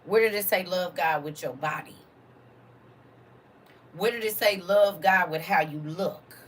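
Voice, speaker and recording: A woman's voice: on the low side, measured pace, distant mic, slight background noise. A woman preaching to a congregation in a fervent, informal way, full of rhetorical questions and casual vernacular.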